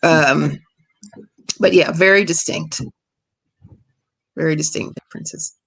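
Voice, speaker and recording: A middle-aged woman from Kentucky with a Kentucky accent, an author answering questions over a video call in a relaxed, storytelling way. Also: low-pitched, a little slow, creaky. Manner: relaxed, storytelling, laughs easily. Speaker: guest author. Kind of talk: casual lecture Q&A.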